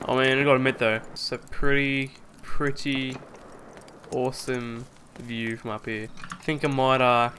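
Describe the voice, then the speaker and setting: A man streaming a survival game, chatting casually, excitable, jokey and swearing a lot. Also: medium pitch, normal speed, slight background noise.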